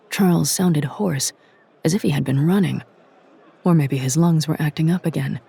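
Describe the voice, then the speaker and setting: A narrator reading an audiobook drama in a measured, dramatic way. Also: medium pitch, vocal fry, mellow, husky. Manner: measured, dramatic, drops to a whisper at tense moments.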